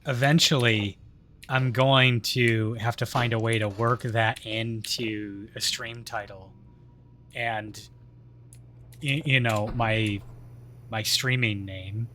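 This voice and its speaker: Slow-talking bright-voiced male streamer. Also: medium pitch, steady tone, slight background noise. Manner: chatty, laughs often, trails off mid-sentence. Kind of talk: live gameplay commentary.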